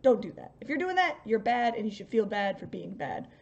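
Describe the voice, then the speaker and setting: A woman's voice: medium pitch, big pitch swings, brisk, muffled recording. A woman hosting a casual stream, talking bluntly and scolding her chat. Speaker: stream host.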